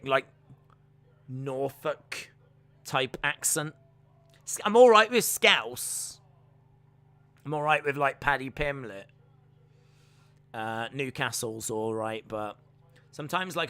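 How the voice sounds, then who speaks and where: A young man hosting a live watch-along stream, rambling chattily with viewers and calling the action in excited play-by-play. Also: medium pitch, slow, pauses often, no echo.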